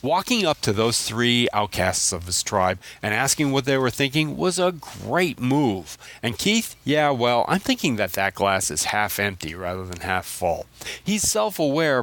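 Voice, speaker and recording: A man from Louisiana, a caller, reading out his prepared episode commentary in a wry, animated way. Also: mid-range voice, a little slow.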